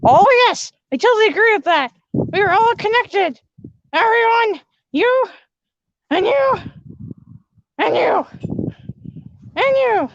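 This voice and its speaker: A high, wildly swooping girlish voice of a timid yet sassy princess mascot, put on by a woman for a comic skit. She squeals, whimpers and apologizes in a rush. The recording is close and dry. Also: animated, a little slow, pauses often, no echo, highs cut off. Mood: gushing. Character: nervous, sassy young princess mascot, female. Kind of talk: comedic skit with a put-on character.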